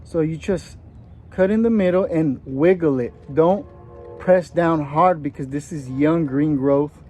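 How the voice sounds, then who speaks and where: A man's voice: fairly high pitch, a little slow, warm tone, faint music behind. A man in his thirties, joking casually with a put-on Australian accent while giving a hands-on gardening how-to outdoors. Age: 30s. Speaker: gardening vlogger.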